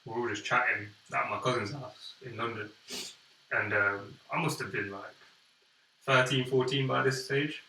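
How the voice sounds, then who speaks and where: Young male podcast co-host, bright tone, lively storyteller doing the voices, roomy echo, distant mic. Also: mid-range voice, normal speed, slight background noise. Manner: animated storyteller, acts out quoted voices. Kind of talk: casual storytelling chat. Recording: echoey room, off-mic.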